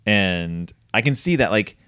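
Animated man hosting a film podcast. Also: fairly low pitch, measured pace, clean tone, dry recording, clean studio sound. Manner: animated storytelling, many fillers. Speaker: podcast host. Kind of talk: casual film discussion.

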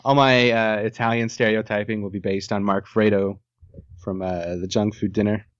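A man's voice: fairly low pitch, level tone, moderate pace, no room sound. A man co-hosting a podcast in casual chat, rambling and jokey, swearing casually. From Ohio, US. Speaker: podcast co-host. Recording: dull lo-fi sound.

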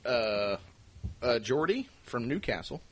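An American man co-hosting a casual podcast, lively and laughing as he tries to do impressions of singers. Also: mid-range voice, slow pace, a little hiss or hum. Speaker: podcast co-host.

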